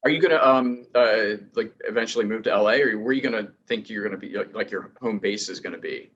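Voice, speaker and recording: A man's voice: on the low side, fast, fairly bright tone, lo-fi sound. A man interviewing a guest, asking loose questions with many fillers.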